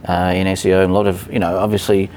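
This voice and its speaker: A man's voice: low-pitched, level tone, rapid-fire, darkish tone, slight background noise. A man speaking as a podcast guest in casual conversation, hesitant, with many fillers and restarts.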